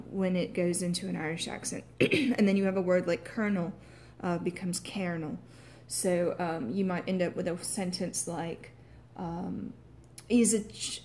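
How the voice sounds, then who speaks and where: An American woman with a Southern accent, an actor casually explaining accent sounds, hesitant with many filler sounds and some throat clearing. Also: on the low side, a little hiss or hum. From United States.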